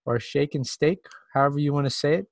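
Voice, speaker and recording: A man's voice: fairly high pitch, fast talker, vocal fry, no echo, studio quality. A man co-hosting a podcast, laid-back and reading out a ranking list in casual chat. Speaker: podcast co-host.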